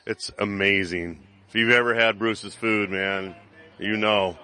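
Bright, lower-voiced man raving about the event. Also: fairly even intonation, measured pace, clean tone. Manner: enthusiastic, laid-back. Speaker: guest at bar event. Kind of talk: casual live radio chat.

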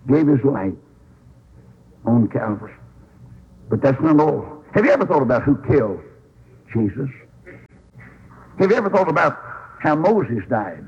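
A man's voice: on the high side, sing-song, moderate pace, long pauses, husky. Folksy preacher man on lo-fi radio. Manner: folksy storytelling, acts out dialogue, swings up into shouts. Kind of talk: old-time revival sermon. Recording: lo-fi radio broadcast recording.

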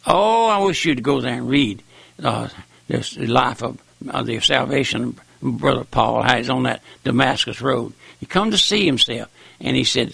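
A man's voice: fairly high pitch, lively intonation, normal speed, vocal fry, sharp tone, slightly rough, no room sound. An older man preaching a folksy, rambling sermon with rising and falling emphasis. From raised on a farm. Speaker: preacher on radio.

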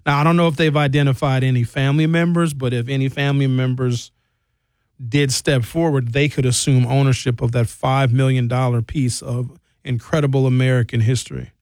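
A man giving casual, animated commentary, drawing out key figures slowly for emphasis. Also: medium pitch, no room sound, clean studio sound.

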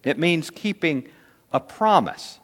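A man's voice: a little high, expressive. Earnest male pastor in a reverberant hall. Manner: earnest, slows down to stress key words. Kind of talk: sermon.

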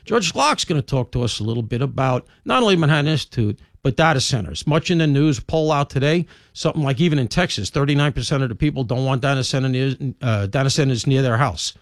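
A man hosting a talk radio show, talking through his lineup in an opinionated monologue with emphatic swings in pitch and loudness. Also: expressive, fast, few pauses, no echo, studio quality. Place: radio studio.

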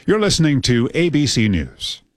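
A male news anchor reads the headlines in a crisp, measured way. His pitch rises and falls a lot from line to line. The sound is dry and close, with no room around it. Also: huge pitch swings, dry recording. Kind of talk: newscast reading.

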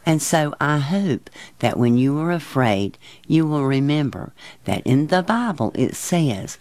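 Male devotional teacher, unhurried and soothing, earnest tone, dry close sound. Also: on the high side, big pitch swings, darkish tone, no room sound. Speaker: Bible teacher. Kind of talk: gentle devotional talk for children.

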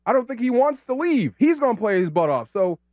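A sports talk radio host with a high-pitched voice, a man who argues his points in an emphatic, opinionated way. His voice is close and dry in the studio. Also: very animated, fairly quick, darkish tone, no room sound.

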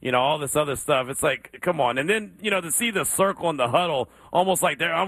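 Male radio host, sports talk, emphatic, bright tone, dry studio. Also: on the high side, fairly quick, few pauses, dry recording. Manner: emphatic, repeats himself for effect.

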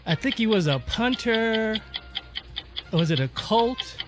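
A male sports co-host who speaks very slowly, with a hesitant, searching way of talking. Clear music plays behind him. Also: high-pitched, expressive. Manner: slow, hesitant guessing. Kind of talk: casual sports radio chat.

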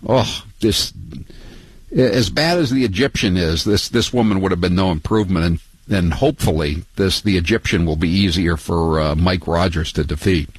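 An older man hosting a talk radio show, rambling and sarcastic, with many halting restarts. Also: low-pitched, breathy edge, no room sound, poor audio.

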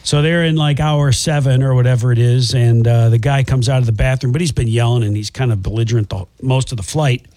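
A male radio co-host retelling a news story in casual chat, animated and indignant. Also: mid-range voice, a little fast, hardly any pauses, dry recording.

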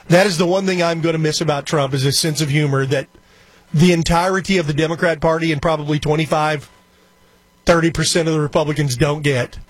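A male radio talk show host rambling through an opinionated monologue with quick asides. His voice is high and a touch husky, and the sound is dry and close. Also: no echo.

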